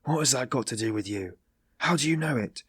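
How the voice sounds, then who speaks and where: A man voicing a feverish, hostile young man who speaks in sharp, accusing outbursts. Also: mid-range voice, animated, fairly quick, slightly rough, dry recording, studio quality.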